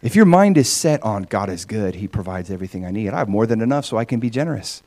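A middle-aged man preaching a sermon, animated, often acting out voices in quotes. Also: on the low side, quick pace. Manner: animated, acts out God's voice in quotes. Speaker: pastor.

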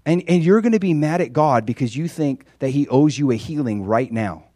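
A man's voice: fairly high pitch, lively intonation, moderate pace, dry recording. Man preaching in a dry room. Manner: conversational preaching, swinging from quiet to loud and emphatic. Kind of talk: sermon.

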